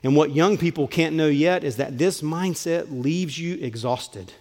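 A pastor preaching a sermon, earnest and emphatic, often dropping to a soft, tender tone. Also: male voice, a little high, unhurried. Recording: long reverb of a large hall.

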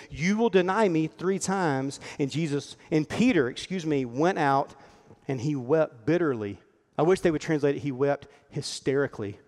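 A man's voice: on the high side, a little mellow. A man preaching a sermon in an earnest, conversational way, acting out the lines he quotes. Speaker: pastor. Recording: long hall reverb.

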